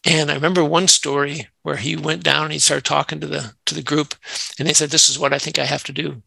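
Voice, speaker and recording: Gravelly, earnest male CEO guest. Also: fairly high pitch, flat delivery, quick pace, sharp tone, no room sound, poor audio. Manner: earnest, acts out quoted dialogue in anecdotes. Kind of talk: conversational interview storytelling.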